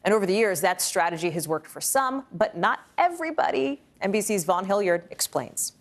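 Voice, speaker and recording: A woman's voice: mid-range voice, lively intonation, fairly quick, slight background noise. A woman anchoring a live news show, reading stories in a conversational way with chatty asides.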